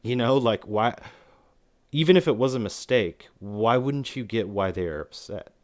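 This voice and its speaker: A man's voice: mid-range voice, moderate pace. A man co-hosting a casual film review podcast, rambling with lots of fillers. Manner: rambling, filler-heavy, animated when making a point.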